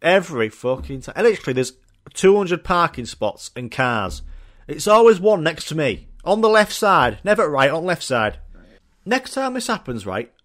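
A man's voice: a little high, sing-song, moderate pace, fairly bright tone. A young man hosting a podcast, rambling through a sweary, jokey comic monologue. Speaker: podcast host. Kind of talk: casual comedic monologue.

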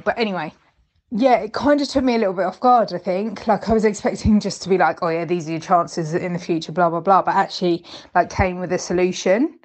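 A woman leaving a heartfelt, rambling voice message to a podcast, tender and emotional. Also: mid-range voice. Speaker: listener sending a voice message.

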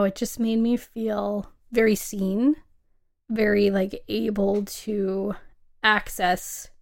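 A young adult woman co-hosting a casual film podcast, chatty and emphatic, laughing often. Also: medium pitch. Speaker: podcast co-host.

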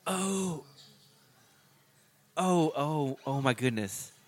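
A man giving casual, profane commentary while watching a movie, mocking it with quick joking reactions. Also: fairly high pitch, animated. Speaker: co-host riffing on a movie.

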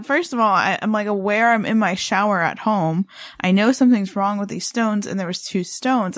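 A woman's voice: medium pitch, no echo, studio quality. A woman co-hosting a podcast, telling a story in a rambling, casual way with lots of fillers and restarts. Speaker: podcast co-host.

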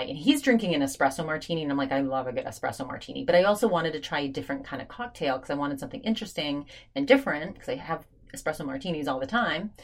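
A woman with a notably low voice hosts her own podcast, chatting through a long personal story. She rambles casually, stacking fillers and restarting her sentences as she goes. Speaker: podcast host.

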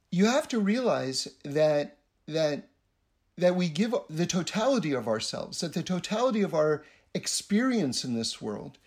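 A man's voice: sits high, darkish tone. A man giving a casual spiritual teaching, rambling and often repeating his words.

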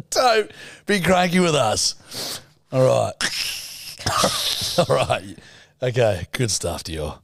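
This is a gravelly man ribbing his podcast co-host with crude jokes. His pitch swings widely as he talks. The sound is close and dry. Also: lively intonation, very slow, pauses often, no room sound. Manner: crude, teasing, laughs a lot. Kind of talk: casual banter.

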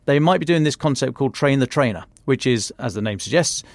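A British defence editor chats about military matters on a conversational podcast, often restarting phrases and stressing points. His mid-range voice is expressive and brisk, and there's no echo.

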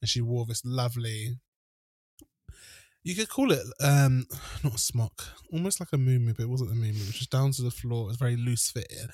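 A man's voice: medium pitch, brisk, darkish tone, no echo. Man, podcast co-host, rambling, laughs a lot, dry sound. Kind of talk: casual chat.

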